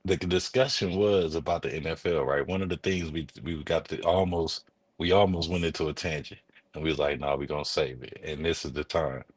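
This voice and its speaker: A man co-hosting a sports podcast, talking in a loose, slangy, excitable way and laughing often. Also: extremely low pitch, fairly quick, breathy edge, dry recording. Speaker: podcast co-host. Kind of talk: casual sports chat.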